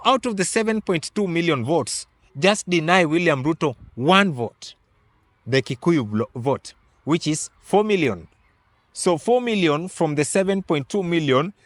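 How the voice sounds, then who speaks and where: A man delivers a political commentary in a fairly high voice, working through numbers one by one with deliberate emphasis. The sound is dry and close, with no room echo. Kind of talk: political analysis monologue.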